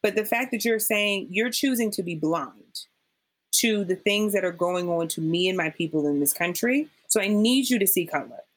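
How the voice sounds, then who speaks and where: In a mid-range voice at a moderate pace, a woman guesting on a podcast speaks emphatically during a conversational interview. She tells her stories with animation, performing others' words to her.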